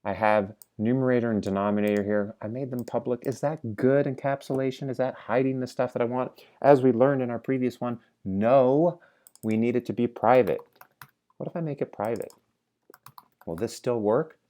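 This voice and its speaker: A man's voice: mid-range voice, normal speed, dark tone. A man teaching programming while he codes, chatty and prompting the viewer to answer along. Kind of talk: live-coding lecture.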